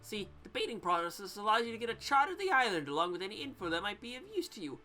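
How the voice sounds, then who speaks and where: A woman's voice: medium pitch, very animated, fast, pushed and bright. A woman voicing a pushy, condescending male talking fish in a video game, reading his lines aloud. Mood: bossy. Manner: bossy, heckling, condescending.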